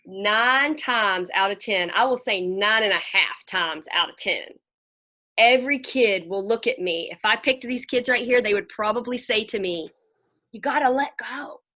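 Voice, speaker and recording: A woman's voice: mid-range voice, normal speed, bright, forceful tone. A middle-aged woman counselor and play therapist speaking to a moms' group over a video call, chatty and folksy, sometimes acting out children's voices.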